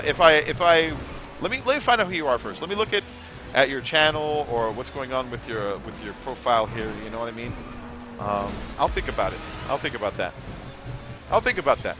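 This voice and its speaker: A man hosting a live gameplay stream, chatting in a rambling, casual way, swearing now and then and reading chat messages aloud. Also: fairly high pitch. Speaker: gaming livestream host.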